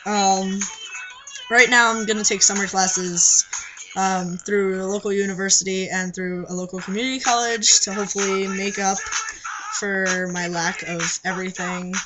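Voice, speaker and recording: A man's voice: sits high, fairly even intonation, moderate pace, background noise. A young man, chatting casually to camera for a vlog, rambling with lots of fillers and restarts. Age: young adult. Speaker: vlogger. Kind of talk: casual confessional vlog chat.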